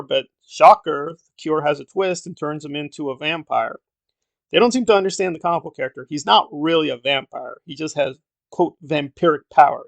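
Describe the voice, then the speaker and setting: A man reviews a film in a casual monologue, blunt and exasperated, often trailing into fillers. His voice is a touch high and gravelly with fry. The sound is dry and close, with no room around it. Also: no room sound.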